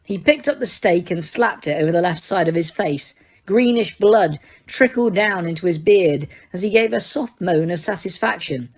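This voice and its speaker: A woman narrating a fantasy novel aloud at a steady pace, with small slips and restarts. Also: lowish voice, normal speed. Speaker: audiobook reader. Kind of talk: storybook narration.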